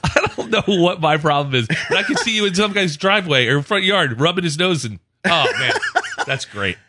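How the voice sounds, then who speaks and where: A man hosting a podcast in casual chat, reacting quickly and laughing along with his guest. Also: a little high, lively intonation, pushed and bright, slight background noise. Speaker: podcast host.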